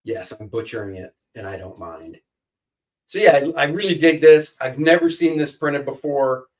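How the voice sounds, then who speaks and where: A man's voice: medium pitch, lively intonation, normal speed, recorded from a distance, low-quality recording. Joking man, a bit away from the mic. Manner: jokey, rambling, flips voices for quotes. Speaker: co-host. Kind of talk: casual chat.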